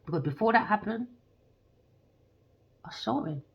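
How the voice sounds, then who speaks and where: A woman's voice: medium pitch, animated, unhurried, vocal fry, slightly rough. A woman, a tarot reader ranting heatedly and swearing in a monologue. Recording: dull lo-fi recording.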